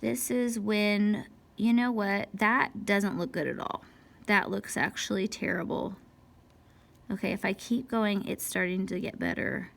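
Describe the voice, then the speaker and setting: In this recorded math walkthrough, a woman with a gravelly, medium-pitched voice goes a little slowly. She talks to the equations, berates herself for errors, and lets out sighs and whispers when things frustrate her.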